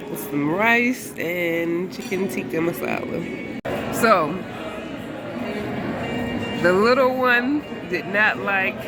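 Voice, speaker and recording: A young woman chatting humorously to her camera in a casual vlog. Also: fairly low pitch. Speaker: vlogger. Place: grocery store, car and restaurant.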